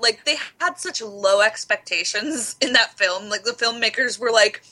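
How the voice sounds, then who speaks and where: A woman co-hosting a casual entertainment chat, excitable and quick to react. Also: a little high, rough recording. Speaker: co-host.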